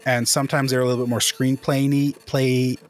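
A man's voice: mid-range voice, level tone, moderate pace. A man hosting a casual podcast chat, explaining things at length and thinking aloud as he goes. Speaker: podcast host.

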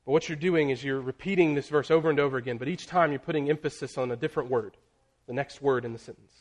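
A man preaching a sermon, building in intensity through emphatic lists and dropping to a near hush on key phrases. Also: mid-range voice. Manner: slows and drops very soft on key phrases.

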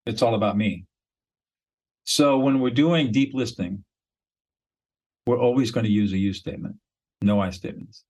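A man's voice: lowish voice, moderate pace, long pauses, darkish tone, rough recording. A man, a mediator and podcast guest, explaining his method in a blunt, emphatic, instructional way.

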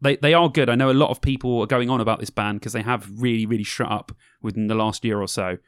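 A man's voice: medium pitch, steady tone, fast talker, smooth, no echo, clean studio sound. A young man co-hosting a podcast, chatting casually and rambling with lots of ums as he explains music styles. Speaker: podcast co-host. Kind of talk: casual chat reviewing festival bands.

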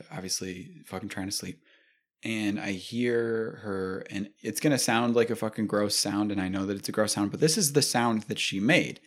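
Swearing, animated young man telling a story. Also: on the low side. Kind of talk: casual chat.

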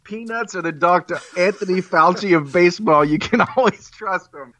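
A man's voice: sits high, moderate pace, few pauses, sharp tone. A man giving a playful, theatrical mock-persuasive monologue in a self-mocking way. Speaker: guest making a comic pitch. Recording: muffled lo-fi recording.

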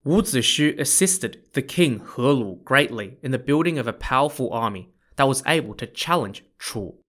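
A man's voice: medium pitch, lively intonation, normal speed, a bit bright. A man telling an old history story in a casual, chatty way, with asides to his listeners. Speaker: podcast storyteller.

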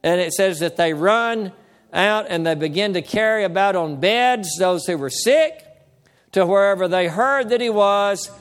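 A man with a high-pitched voice delivers a sermon as a pastor. He calls out for amens from the congregation and slows his pace to lean on the words that matter. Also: clear, resonant tone, long reverb tail. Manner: preaching with call-and-response, slowing to stress key words.

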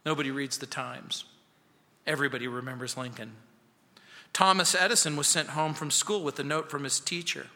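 A man preaching a sermon as pastor, slow and emphatic, with dramatic pauses. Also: on the high side, fairly even intonation, pushed and bright, in a large hall. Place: church sanctuary.

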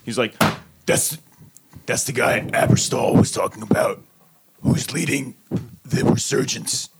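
A man's voice: medium pitch, a little slow, vocal fry. A man player in a tabletop game, rambling casually with fillers. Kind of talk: casual chat. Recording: noisy recording.

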